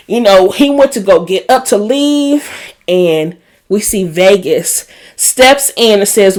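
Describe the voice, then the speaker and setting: A woman's voice: a little high, unhurried. A woman hosting a casual TV episode recap, chatty and emotional, with a Black lilt. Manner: chatty and animated, emotional asides. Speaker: recap host.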